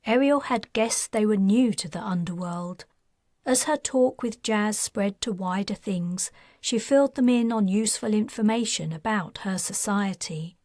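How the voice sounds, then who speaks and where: A woman narrating her own science fiction audiobook in a measured, even way on a close studio mic. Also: mid-range voice, no room sound.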